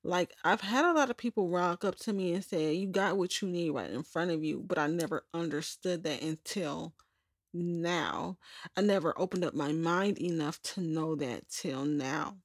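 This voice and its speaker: A woman's voice: lowish voice, normal speed, dry recording, clean studio sound. A young adult woman hosting a personal podcast, talking candidly in a rambling, self-correcting way. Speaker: podcast host. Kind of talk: personal journal-style podcast monologue.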